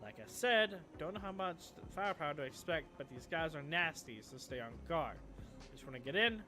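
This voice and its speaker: A man voicing a tough female street fighter in a low, quiet, terse way. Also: animated, a little fast, soft background music.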